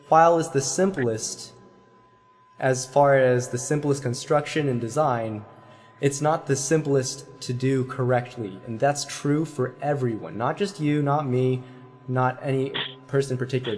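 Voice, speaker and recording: A man's voice: medium pitch, darkish tone. A man giving a singing lesson, explaining at length and breaking into short sung demonstration syllables. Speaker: voice teacher.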